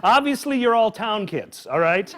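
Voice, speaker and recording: A man hosting a live children's story time, talking with animated energy and calling out questions for the kids to answer. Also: high-pitched, moderate pace, soft background music. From Midwest farm upbringing. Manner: animated, call-and-response with children. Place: public library event with a live audience.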